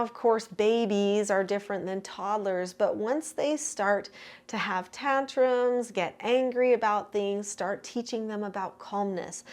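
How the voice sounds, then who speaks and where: Older female parenting coach; earnest, steady instructional delivery. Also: mid-range voice. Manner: earnest, steady advice-giving. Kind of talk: instructional talk to camera.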